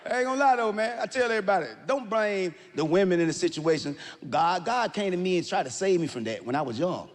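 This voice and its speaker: A comedian, a man, working a live crowd with a high, excitable voice. He gets loud and shouts his punchlines, and the sound rings through a big reverberant hall with faint room noise underneath. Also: fast talker. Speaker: stand-up comedian. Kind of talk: stand-up comedy set. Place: large live venue with audience.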